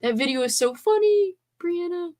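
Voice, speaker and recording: A woman's voice: extremely high pitch, expressive, moderate pace, darkish tone. A young woman hosting a livestream, bubbly and giggly as she chats with viewers, still tired after a sleepover. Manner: bubbly, giggly, reacts to chat. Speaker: livestream host. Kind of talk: casual livestream chat.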